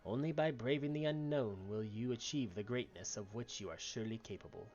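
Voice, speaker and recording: A man's voice: mid-range voice, brisk, a little mellow, lo-fi sound, soft background music, close to an everyday voice. A man voicing a stern female admiral in a video game, speaking in grave, formal, old-fashioned phrasing. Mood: solemn. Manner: grave, formal, archaic speech.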